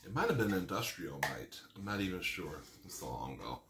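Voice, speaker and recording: A man's voice: low voice, sing-song, fairly quick, roomy sound, noisy background. A man in his forties chatting casually while eating, rambling through an old story and sometimes talking with his mouth full. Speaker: mukbang vlogger.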